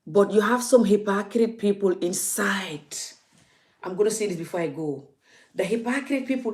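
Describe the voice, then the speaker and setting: A woman's voice: lowish voice, a little mellow. A woman vlogging into her phone, emphatic and laughing, often repeating her words. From Gambia. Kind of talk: casual ranting vlog.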